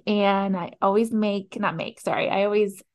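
A woman hosting a podcast, chatting casually and agreeing warmly with her guest. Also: mid-range voice, fairly even intonation, normal speed, clean tone. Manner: supportive, frequent agreeing murmurs. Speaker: podcast host. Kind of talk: casual chat.

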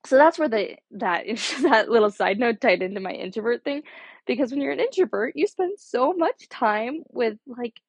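A woman's voice: fairly high pitch, animated, normal speed, slightly rough, no echo. A young woman in college, hosting a casual solo podcast and rambling in a chatty way, full of "like". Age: young adult. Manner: rambling, chatty, heavy use of "like". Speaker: podcast host.

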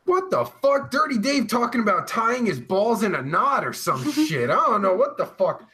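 A man talks casually on a live stream in a high, bouncy voice that swings all over. His tone is bright and sharp, and his talk is rambling and crude, heavy with filler words and swearing. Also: sing-song. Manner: drawn-out groaning sighs of pleasure. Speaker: live-stream show host reading chat.

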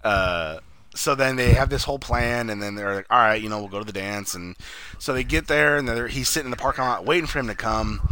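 Bright-voiced man retelling a movie. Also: mid-range voice, fairly quick, smooth. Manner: animated retelling with quoted voices and heavy swearing. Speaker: podcast co-host. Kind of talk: casual movie review chat.

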